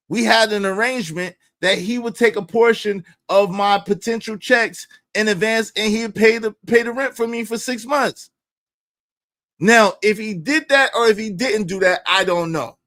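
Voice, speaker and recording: Man, high-pitched, animated storytelling, profane slang, loud outbursts. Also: moderate pace. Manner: swings between low mutters and loud outbursts. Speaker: podcast storyteller.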